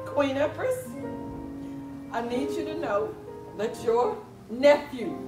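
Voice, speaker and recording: A woman's voice: sits high, expressive, slow pace, pauses often, loud music behind the voice. A woman with a Louisiana accent gives a tearful, laughing eulogy at a funeral home chapel. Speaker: family member giving a eulogy. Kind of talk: heartfelt funeral tribute. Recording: echoey livestream from far off.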